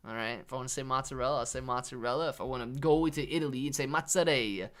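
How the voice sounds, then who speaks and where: A man's voice: medium pitch, quick pace, a bit bright. Male livestream host, easygoing and chatty, reads chat aloud between casual market talk. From Ohio, USA. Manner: laid-back, reads chat aloud, calls viewers man and dude.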